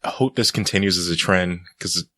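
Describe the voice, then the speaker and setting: A man's voice: sits low, steady tone, fairly quick, bright, forceful tone, no room sound. A man co-hosting a podcast, joking and acting out lines from a movie. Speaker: podcast co-host. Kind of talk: casual movie review chat.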